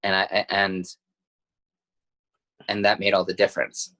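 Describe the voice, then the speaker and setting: Earnest guy with a lowish voice, stop-start, like like like. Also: completely flat delivery, a bit bright. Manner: halting, filler-heavy, earnest. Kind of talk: casual spiritual chat.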